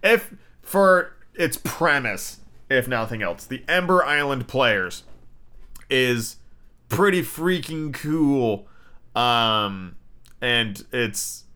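A man's voice: mid-range voice, expressive, extremely slow, sharp tone. A man giving a casual, rambling show review, swearing often and filling his talk with "like.". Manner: profane, filler-heavy, frequent "like".

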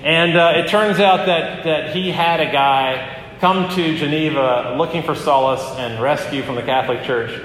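A pastor giving a conversational sermon, often pausing with fillers and restarting his phrases. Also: fairly high pitch, a bit bright, slight background noise. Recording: echoey hall with long reverb.

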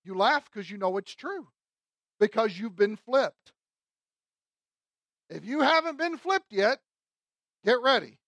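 A woman's voice: a little high, animated, slow, long pauses, fairly bright tone, no echo. A woman teaching a sermon through a Bible passage, emphatic and conversational, often asking her listeners rhetorical questions. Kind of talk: expository sermon.

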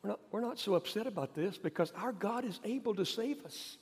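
A male pastor with a high voice preaches a sermon, repeating phrases and pressing hard on key points before dropping quiet. His voice rings out with a long reverb, as in a large hall. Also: animated, brisk, slightly rough. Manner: emphatic and repetitive, rising to stress points, then dropping quiet.

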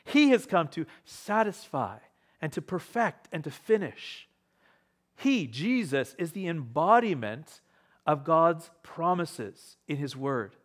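A man preaching a sermon as pastor to a live congregation in church, emphatic, repeating key phrases and shifting pace and loudness. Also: a little high, big pitch swings, slow.

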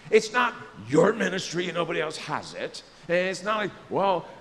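A man preaches in a high, bouncing voice that leaps up and down as he jokes and acts out little scenes from scripture. His words ring through a church with a long hall echo. A faint hum sits underneath. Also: normal speed. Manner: lively, joking, acts out quotes in voices. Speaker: pastor. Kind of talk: sermon. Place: church sanctuary.

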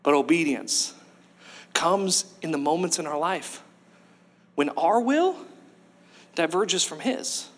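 A man preaching a sermon, animated, acting out voices from the story and at times rising to a shout. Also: fairly high pitch, slow, pauses often. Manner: animated, acts out voices of Bible figures, rises to shouts. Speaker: pastor.

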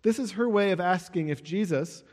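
A man's voice: high voice, normal speed, darkish tone, big-room sound. A man who is a pastor, preaching a sermon and explaining verses with casual, conversational asides.

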